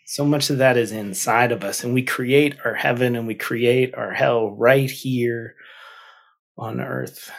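A man telling an old story and reflecting on it, speaking gently and repeating words for effect. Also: medium pitch.

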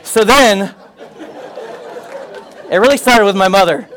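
A man preaching a sermon, mixing scripture with comic personal stories and getting loud and animated at times. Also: sits high, slow, some chatter behind. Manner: animated, comic asides, rising to near-shouts. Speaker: pastor.

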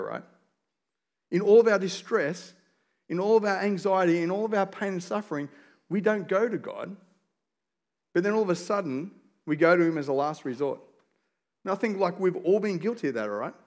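Earnest man preaching a sermon. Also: high-pitched. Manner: earnest storytelling, shifts to quiet prayer. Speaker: pastor.

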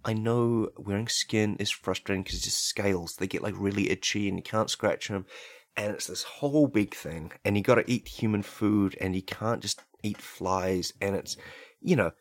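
A man hosting a comedy podcast, rambling through an absurd deadpan monologue full of fillers and tag questions. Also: fairly low pitch, normal speed, dry recording, studio quality. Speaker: podcast host.

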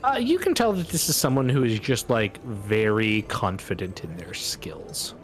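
A man acting as game master, narrating in a relaxed, hesitant way. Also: lowish voice, normal speed, slight background noise. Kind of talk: running a tabletop game.

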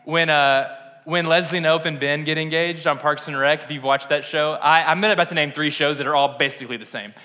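The pastor, a young man, speaks in a fairly high, fairly even voice that is brisk, bright and forceful. His sermon is casual and chatty, full of self-deprecating laughter, recorded with long reverb in a church sanctuary.

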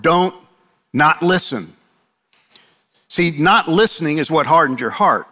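A male preacher delivers a sermon in a medium-pitched voice that sounds pushed and bright, with long hall reverb. He drives his points home through emphatic repeated phrases and rhetorical questions he answers himself.

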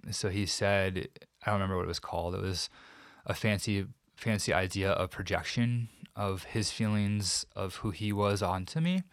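A low-pitched man, recorded in studio quality with no echo, appears as an interview guest. He recounts a painful personal story reflectively, halting and restarting many times.

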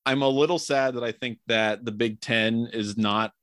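A man's voice: mid-range voice, fairly even intonation, normal speed, a bit bright, no room sound. Male podcast host, chatty and wry, dry close-miked sound. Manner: chatty, joking, rambling with many fillers. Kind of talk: casual sports podcast chat.

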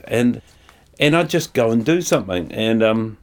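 A man's voice: mid-range voice, lively intonation, moderate pace. A man who composes music for ads, talking casually and rambling with many fillers and restarts. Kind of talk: casual conversation.

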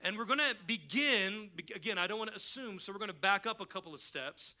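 A middle-aged pastor delivers a sermon in a church with a high, bright, ringing voice. He preaches like he is chatting, telling stories and playing out both sides of a conversation. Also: animated, fast talker. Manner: conversational storytelling preacher, acts out dialogue. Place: church sanctuary.

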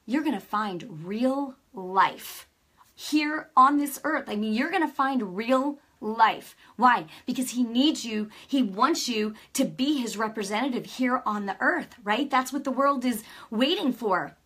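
A middle-aged woman giving a casual faith talk, telling stories with lively energy and often checking in with her listeners. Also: on the high side, measured pace. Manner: lively storytelling, acts out quoted dialogue; peppers speech with "right?" and "you know". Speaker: Christian speaker.

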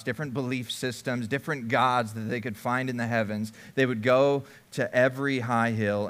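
A man preaching a sermon, first reading scripture aloud and then explaining it in a conversational way. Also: medium pitch. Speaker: pastor.

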